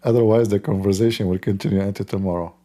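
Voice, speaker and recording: A man's voice: lowish voice, steady tone, quick pace, dark tone. A man hosting a livestream, talking in a mocking, sarcastic way. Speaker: host. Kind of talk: livestream commentary.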